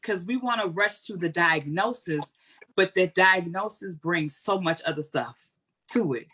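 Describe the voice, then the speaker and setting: A woman with a husky, fairly low voice takes her time answering an interview question as a guest speaker. Candid and earnest, she talks colloquially and weaves in heartfelt, animated stories.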